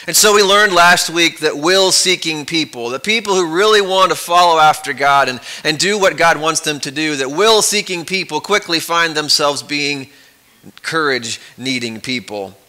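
A male pastor delivers a conversational sermon in a church sanctuary. He often pauses with fillers and restarts his phrases. His voice sits slightly high and rings very bright. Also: rough recording.

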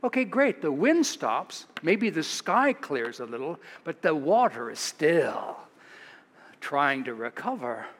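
American male pastor, high-pitched, animated storytelling sermon, church reverb. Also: slow pace. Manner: animated, chuckling storyteller, rises in pitch for dramatic moments. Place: church sanctuary.

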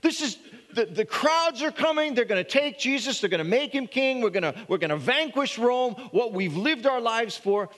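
An eager, impulsive male disciple, as a pastor acts him out, blurting in a voice pitched well above his usual. The words come in quick, exclamatory bursts. A long hall reverb trails behind every phrase. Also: animated, fairly bright tone. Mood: excited.

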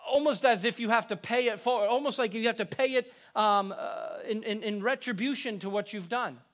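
Earnest high-voiced man preaching slowly. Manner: earnest preaching, rising to emphatic peaks and dropping to hushed lines. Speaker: pastor. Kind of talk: sermon.

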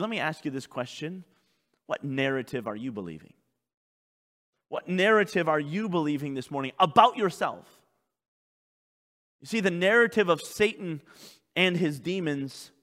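A man preaching a sermon as pastor, swinging between loud urgent calls and hushed intense passages. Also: a little high, long reverb tail.

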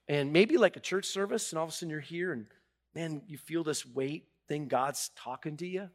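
A middle-aged pastor preaching, his voice sitting a little high for a man. He drops to a near hush, then climbs loud and urgent, stumbling over repeated words as he goes. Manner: swings between hushed confession and loud, rising emphasis; halting, repeats words when moved. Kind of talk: sermon.

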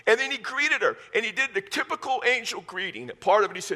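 Bright-voiced pastor in his fifties. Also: sits high, sing-song, very fast. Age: 50s. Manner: folksy, repeats words when restarting, jokes with the congregation. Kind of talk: sermon.

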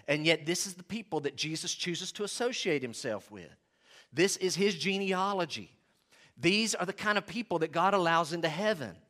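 A man preaching a sermon to his congregation, emphatic, slowing down and shifting loudness to stress his points. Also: on the high side. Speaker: pastor.

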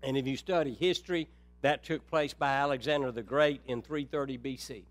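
A man preaching a sermon, calling his listeners brethren, shifting from quiet, low stretches to loud, high, urgent passages. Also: steady tone, a little fast, no echo. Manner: swings from soft and low to loud and high when stirred.

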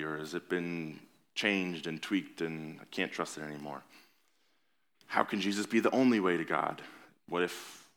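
Pastor, male, very low voice, earnest conversational sermon delivery in a church. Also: pushed and bright. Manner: earnest, conversational preaching with rising emphasis. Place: church sanctuary.

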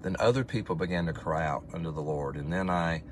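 A man's voice: low-pitched, fairly quick, slight background noise. A man, a pastor, reading Bible verses with rising emphasis and then talking about them informally. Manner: reads scripture aloud with rising emphasis, then chats informally; conversational, with fillers and restarts. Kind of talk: devotional Bible teaching.

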